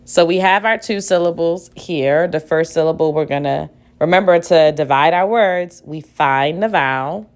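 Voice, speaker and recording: A woman's voice: low-pitched, moderate pace, few pauses. A woman teacher giving a recorded reading lesson for children at home, patiently sounding out words aloud.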